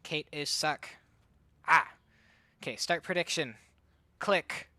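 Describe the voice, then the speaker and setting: A man casting a live game tournament, hyper and excitable, rattling off play-by-play and getting out of breath. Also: on the high side, slow pace, dry recording. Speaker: tournament caster and streamer. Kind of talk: live esports commentary.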